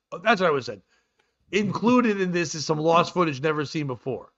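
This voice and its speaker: A man's voice: on the high side, animated, a little fast, a bit bright. A man hosting a comedy podcast, ranting in a rambling, profane way. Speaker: podcast host. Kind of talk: casual comedic chat. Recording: dull lo-fi sound.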